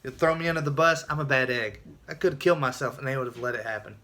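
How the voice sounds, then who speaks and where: A man's voice: medium pitch, fast talker, bright, forceful tone. A man telling his own story in a casual vlog, earnest and emotional, often restarting his sentences.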